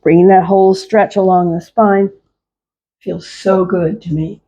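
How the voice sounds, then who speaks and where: A woman leading a chair yoga class, giving calm, repetitive cues to move slowly and breathe. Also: on the low side. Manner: slow, calm, repetitive cueing. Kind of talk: guided exercise class instruction.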